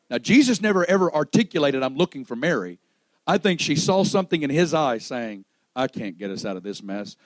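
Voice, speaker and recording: A man's voice: fairly high pitch, big pitch swings, moderate pace, dry recording, poor audio. Dynamic male preacher, dry close sound. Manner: dynamic preaching, swings between loud peaks and hushed lines; acts out quoted voices in storytelling. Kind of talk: sermon. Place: church service.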